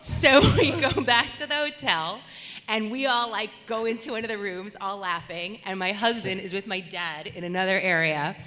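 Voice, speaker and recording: A woman on a convention panel telling a story with animated, laughing energy, recorded in an echoey convention hall. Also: medium pitch, moderate pace. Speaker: voice actor panelist.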